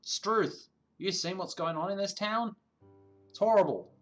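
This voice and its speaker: A man's voice: high-pitched, measured pace, a bit bright, soft background music, pitched above the performer's own voice. A man voicing a blustering male boss in a put-on Australian accent, exasperated and full of slang. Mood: chatty.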